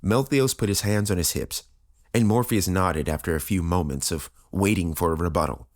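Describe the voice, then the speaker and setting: A man narrating an audiobook in a steady, even reading style. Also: low voice, normal speed.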